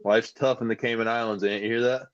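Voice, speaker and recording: A man's voice: mid-range voice, fairly even intonation, quick pace, highs cut off. A man co-hosting a podcast, chatting casually and teasing the guest with follow-up questions. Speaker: podcast co-host.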